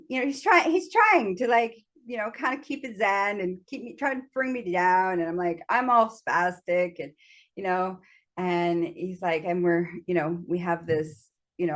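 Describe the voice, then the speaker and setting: A woman host telling a candid personal story, frank about sex, laughing often and acting out her own panic in quoted asides. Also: medium pitch. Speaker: podcast host.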